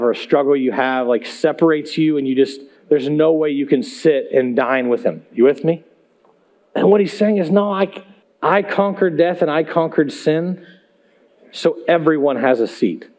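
A man's voice: mid-range voice, darkish tone. A man preaching in a church, talking conversationally to the congregation with emphatic rhetorical questions. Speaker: pastor. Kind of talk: sermon. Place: church sanctuary.

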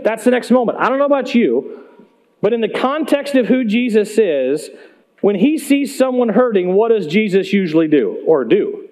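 A male pastor with a high voice delivers a sermon at normal speed in a loose, conversational way. He stays animated and keeps drawing the congregation in with questions.

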